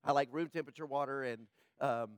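A man preaching a sermon as pastor, his voice slightly rough, talking conversationally and joking with the congregation. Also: mid-range voice, brisk, dry recording.

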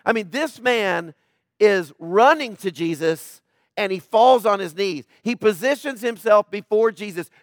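Man, pastor, sermon, higher voice, dry close sound, conversational, loud-to-hushed swings. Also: lively intonation, unhurried, no room sound. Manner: conversational preaching, frequent "right?" tags, swings from loud to hushed.

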